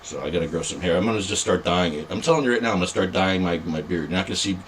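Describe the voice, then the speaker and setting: A man's voice: low voice, very fast, slight background noise. A middle-aged man hosting a podcast in casual, rambling, self-mocking chat. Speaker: podcast host.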